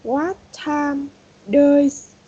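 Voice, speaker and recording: A woman's voice: sits high, level tone, drawn-out words, warm tone, highs cut off. A woman learning English who answers exercises hesitantly, one word at a time. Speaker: language student.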